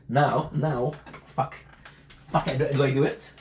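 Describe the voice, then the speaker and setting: A man's voice: medium pitch, steady tone, unhurried. A young man hosting his channel, talking in a rambling, meandering way to his viewers, swearing freely and tagging "right?" onto his thoughts. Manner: meandering, profane, keeps asking "right?". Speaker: channel host. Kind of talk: rambling casual monologue to viewers. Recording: echoey room, faint hiss.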